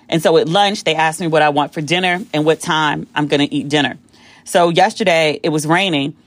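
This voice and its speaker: A podcast host from the United States tells a rambling, animated story straight into the mic, swearing freely and slipping into other people's voices when quoting them. Her voice sits low, and the audio is dry and close, with no room sound at all.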